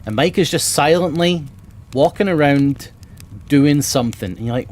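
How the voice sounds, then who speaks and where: This man's fairly high, expressive voice moves at normal speed, with a little hiss or hum in the audio. Streaming among bookshelves in his home, he rambles enthusiastically and casually about books and swears freely.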